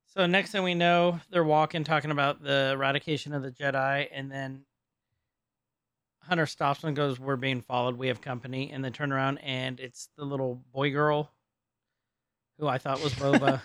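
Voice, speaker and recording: A man's voice: mid-range voice, level tone, moderate pace, a bit bright, clear, resonant tone, dry recording, studio quality. A man co-hosting a casual podcast, recapping an episode, laughing often and stumbling over names. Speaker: podcast co-host.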